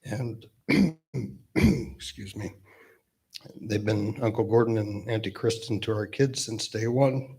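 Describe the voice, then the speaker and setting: A man in his fifties giving a eulogy at a memorial gathering with gentle humor, pausing often with fillers. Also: lowish voice, slightly rough. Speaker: eulogy speaker, best man.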